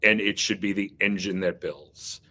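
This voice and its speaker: A man's voice: lowish voice, fairly even intonation, normal speed, sharp tone, a little hiss or hum. A man being interviewed as an agency leader, speaking earnestly with many fillers and restarts. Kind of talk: casual interview talk.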